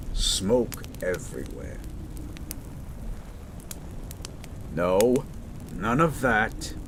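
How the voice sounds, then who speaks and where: A man playing a gruff but caring young medical student in a romantic audio roleplay, pleading and tender. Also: lowish voice, noisy background. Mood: coaxing.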